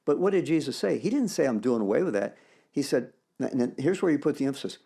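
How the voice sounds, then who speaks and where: Emphatic male podcast co-host with a lively, swooping delivery and a gravelly, mellow tone. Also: medium pitch, fast talker. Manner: animated, emphatic, quotes scripture. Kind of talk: casual faith discussion.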